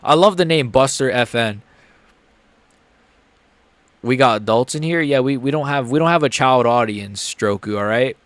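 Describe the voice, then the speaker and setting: Excitable, profane young male streamer. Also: medium pitch, normal speed, long pauses, dry recording. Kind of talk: live fight reaction commentary.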